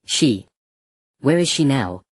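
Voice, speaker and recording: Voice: medium pitch, sing-song, takes it slowly, slightly rough, no echo, studio quality, exaggerated voice. A narrator voicing a desperate, grieving goat-eyed warrior father who speaks in a strained voice forced through clenched teeth. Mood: desperate anger.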